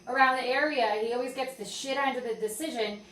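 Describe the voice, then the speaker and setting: Female podcast host, casual and lively, swears a lot, roomy room echo, distant mic. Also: high voice, fast talker. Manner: lively storyteller, swears freely. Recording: roomy and distant with faint background noise.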